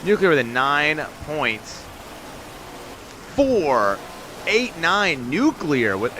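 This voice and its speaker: Bright-voiced upbeat male game streamer. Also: medium pitch, a little hiss or hum. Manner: chatty, upbeat, talks straight to viewers in chat. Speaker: live-stream host and game commentator. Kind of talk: live-stream chat and play-by-play commentary.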